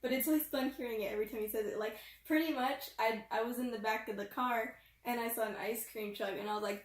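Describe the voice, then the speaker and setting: A woman's voice: fairly high pitch, steady tone, brisk. Young teen girl, hesitant. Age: teens. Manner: hesitant, full of "like". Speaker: daughter. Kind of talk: casual chat. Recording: echoey room.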